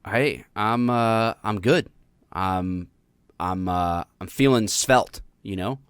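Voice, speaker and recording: A man's voice: on the low side, slow pace, smooth, dry recording, clean studio sound. An American man hosting a live-streamed talk show, chatting casually and jokingly with plenty of fillers. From United States. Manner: rambling, jokey, lots of fillers.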